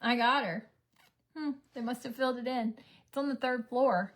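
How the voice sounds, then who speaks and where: Chatty mom vlogger, slightly high voice. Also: female voice, fairly bright tone. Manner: chatty, rambling, quick to laugh. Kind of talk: casual storytelling chat.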